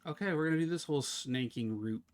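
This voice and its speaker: A man live-streaming a game, chatting casually with his viewers as he plays, talking fast and slurring his words together. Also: a little high. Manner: chatty, talks to chat while fiddling with settings. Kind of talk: casual live-stream chat while gaming.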